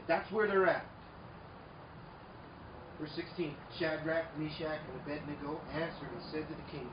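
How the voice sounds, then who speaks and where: High-voiced preacher in an echoey hall. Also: male voice, fairly even intonation, normal speed, long pauses, noisy background. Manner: emphatic, swings between loud declarations and low asides. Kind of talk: sermon. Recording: echoey room, mic far off, dull sound, faint ambience.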